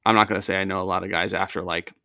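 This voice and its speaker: Man, gravelly voice, fairly low, opinionated sports podcast talk, dry sound. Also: level tone, bright, forceful tone, no room sound. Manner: chatty, opinionated, quick asides. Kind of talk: casual sports podcast chat.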